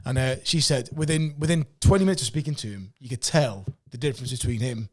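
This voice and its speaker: Fast-talking sweary man. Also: mid-range voice. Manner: rambling, animated storytelling with frequent swearing and restarts. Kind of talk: casual chat.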